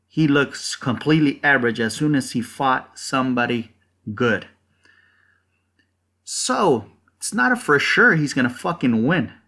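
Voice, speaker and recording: Male channel host, casual heated rant, profane and blunt, mid-pitched voice, rambling delivery. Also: sharp tone. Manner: rambling with frequent fillers. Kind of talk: casual ranting commentary.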